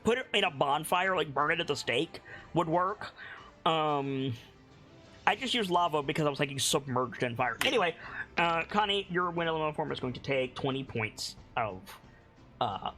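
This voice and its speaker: Male game master, bright tone, halting delivery, light music bed. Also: a little high, animated. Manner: halting, many restarts and fillers. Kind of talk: running a tabletop game.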